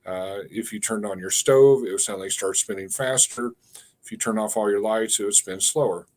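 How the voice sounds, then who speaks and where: Man in his 60s, low-pitched, halting storyteller who leans on fillers and restarts his phrases. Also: darkish tone. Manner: halting, with frequent fillers and repeated words. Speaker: guest, energy healer. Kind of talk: storytelling in a conversational interview.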